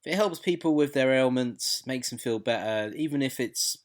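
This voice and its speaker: Bloke on a podcast, opinionated, swears a bit, gets animated. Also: male voice, medium pitch, normal speed. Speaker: podcast co-host. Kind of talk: casual chat.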